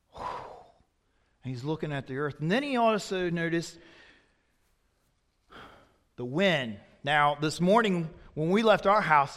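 A man with a high voice delivers a sermon like a story told to friends, leaning hard on some lines and dropping almost silent on others. His words echo with the long reverb of a large church sanctuary. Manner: conversational storytelling, swinging between loud emphasis and hushed asides. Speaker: pastor.

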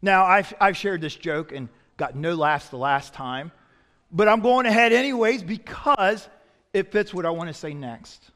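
A man preaching a sermon as pastor, swinging from loud emphatic lines to quiet, low asides. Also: lively intonation, measured pace, in a large hall.

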